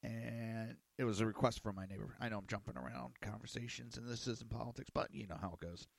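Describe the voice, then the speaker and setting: A man's voice: medium pitch, fast talker, gravelly, dry recording. A man hosting a small radio and online show, talking in a casual rambling monologue, often repeating words and cursing casually.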